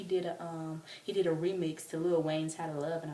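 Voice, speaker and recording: Young woman vlogger, lowish voice, excitable chatty storyteller, recorded roomy and a bit off-mic. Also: a little fast, hardly any pauses, recorded from a distance, a crowd in the background. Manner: excitable, chatty, full of fillers. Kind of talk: casual storytelling.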